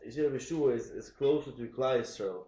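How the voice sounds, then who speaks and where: A male student offering ideas in a study discussion, halting and unsure, many restarts. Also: mid-range voice, mellow. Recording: dull, echoey room recording with faint noise.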